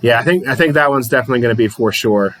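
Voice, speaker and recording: A man's voice: medium pitch, racing, a bit bright, low-quality recording. A man from the Pittsburgh area hosting a livestream, calling a tabletop wrestling card game play by play, reading chat and laughing often at himself. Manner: chatty, laughs often, self-deprecating.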